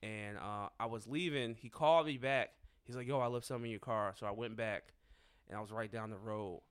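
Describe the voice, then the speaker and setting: A young adult man, a podcast co-host, telling a story in casual, animated, profane chat. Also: lowish voice, brisk, clear, resonant tone.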